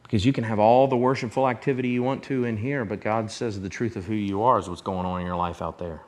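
A man's voice: fairly low pitch, steady tone, fast talker. A male pastor preaching a sermon, emphatic and repetitive, speaking directly to his congregation.

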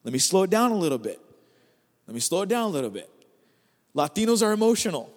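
A man preaching as a guest speaker at a church service, talking in an energetic, conversational way and repeating phrases for emphasis. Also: high-pitched, fast talker, long reverb tail. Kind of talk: sermon.

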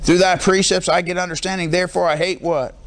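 A man's voice: high-pitched, steady tone, fast talker, slight background noise. A middle-aged man preaching as a pastor, emphatic and prompting the congregation with call-and-response questions. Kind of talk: sermon.

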